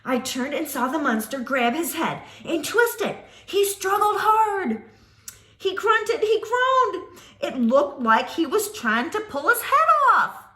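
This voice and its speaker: A woman reading a spooky children's book aloud with dramatic delivery, pausing to speak to her young listeners. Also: very high-pitched, sing-song, sharp tone. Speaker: storyteller. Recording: roomy echo.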